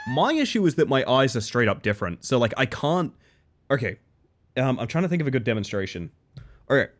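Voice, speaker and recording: A young man from Australia, a streamer talking casually with his chat, animated and swearing freely. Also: medium pitch.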